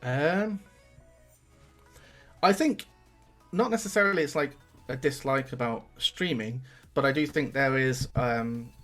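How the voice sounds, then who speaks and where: A man's voice: mid-range voice, unhurried, pauses often, fairly bright tone, soft background music. A young man, chatting casually as a guest on a streaming podcast and swearing now and then.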